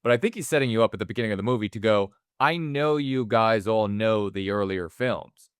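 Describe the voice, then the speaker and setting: A man's voice: fairly low pitch, a little fast, clean tone, dry recording, studio quality. A man co-hosting a movie podcast, chatting casually and rambling, often acting out imagined lines from other people. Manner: rambling, acts out imagined quotes in voices. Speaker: podcast co-host. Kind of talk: casual film discussion.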